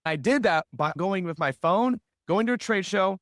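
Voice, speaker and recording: A man's voice: high-pitched, expressive, normal speed, few pauses, a bit bright, dry recording, clean studio sound. A middle-aged man giving a business talk, telling stories with lots of rhetorical questions and acted-out quotes. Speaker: business speaker. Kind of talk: animated storytelling talk.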